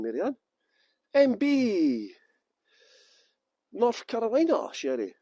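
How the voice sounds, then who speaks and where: Upbeat male tour guide, high and animated, joking with viewers, dry close phone sound. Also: breathy edge, no room sound. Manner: chatty, jokey, greets viewers by name. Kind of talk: live-streamed walking tour. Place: outdoors at a historic cottage.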